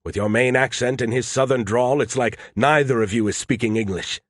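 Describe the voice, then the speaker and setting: A man's voice: mid-range voice, brisk, a bit bright, no echo, studio quality, lightly acted. A man voicing an arrogant, snarky male alien AI that talks down to humans. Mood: mocking. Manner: condescending, mocking.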